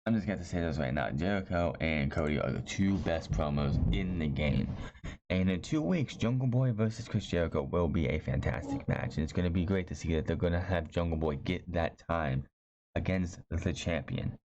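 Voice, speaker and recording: Blunt and rambling, this man recaps a wrestling show in a casual, opinionated way, frequently stopping to correct himself mid-sentence. His voice is low and gravelly, at a normal speed. Faint hiss runs under slightly dull lo-fi audio.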